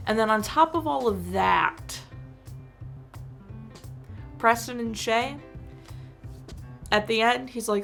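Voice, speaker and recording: A woman's voice: on the high side, slow pace, gravelly, pauses often, fairly bright tone, faint music behind. A woman giving a casual movie review, rambling and exasperated, saying "like" constantly. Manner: rambling, heavy use of "like", exasperated. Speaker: film reviewer vlogger.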